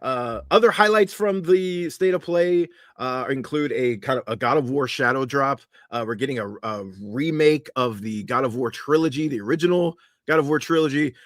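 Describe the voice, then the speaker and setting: A man's voice: mid-range voice, moderate pace, hardly any pauses, no echo, studio quality. A man co-hosting a podcast, talking earnestly in casual chat with many fillers. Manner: earnest, with frequent fillers and restarts. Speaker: podcast co-host.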